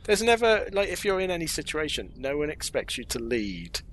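A man's voice: a little high, big pitch swings, a little fast, a bit bright, a little hiss or hum. Rambling, jokey English man. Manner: rambling, self-deprecating, jokey. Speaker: podcast co-host. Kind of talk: casual chat.

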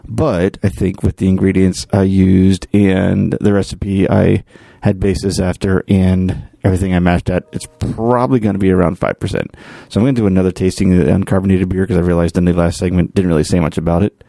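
A man's voice: low voice, level tone, a little fast, vocal fry, hardly any pauses, mellow, no room sound. A man hosting a podcast, giving a casual, rambling update and thinking aloud as he goes. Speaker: podcast host, home brewer.

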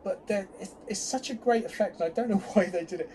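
Chatty man, mellow voice. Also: high-pitched, a little fast, slight background noise. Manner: chatty, hesitant restarts, animated bursts. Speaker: podcast co-host. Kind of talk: casual fan chat.

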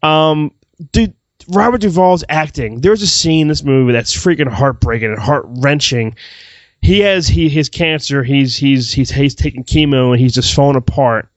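A man co-hosting a casual movie review podcast, excitable and gushing, swearing freely. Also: mid-range voice, moderate pace, dry recording, lo-fi sound. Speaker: podcast co-host.

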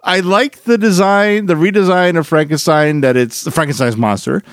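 A man's voice: a little high, normal speed, clean tone, no echo. Enthusiastic swearing man, dry close sound. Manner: enthusiastic, profane fan talk. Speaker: podcast co-host. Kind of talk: casual chat.

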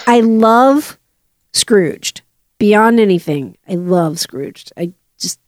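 A woman's voice: medium pitch, animated, takes it slowly, darkish tone, no echo, clean studio sound. A woman co-hosting a casual podcast chat, playful and steering the discussion. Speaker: podcast co-host.

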